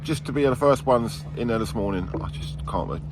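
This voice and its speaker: A man's voice: mid-range voice, a little fast, background noise. A man chatting casually on an outdoor work site as he vlogs about his landscaping business, bantering and rambling. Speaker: vlogger, landscaping business owner. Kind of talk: casual on-site vlog chat.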